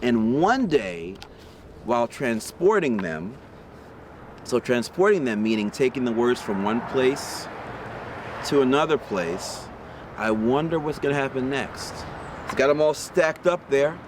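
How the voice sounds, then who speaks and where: Slow-reading man telling a story outdoors. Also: medium pitch, noisy background. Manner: slow, lively read-aloud with questions to young listeners. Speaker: storybook reader for children. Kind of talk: read-aloud storytelling. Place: outdoors in a park on a windy day.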